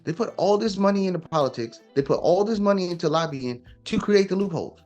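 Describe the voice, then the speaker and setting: A man's voice: high voice, lively intonation, quick pace, darkish tone, muffled recording, faint music behind. A man talking casually and emphatically, lecturing with rhetorical questions. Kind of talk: casual opinion talk.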